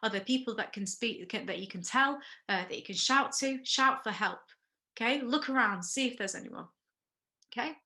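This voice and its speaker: Bright-voiced woman teaching first aid. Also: a little high. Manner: explains step by step, pauses for questions, frequent okays. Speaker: first aid workshop instructor. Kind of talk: recorded classroom lesson.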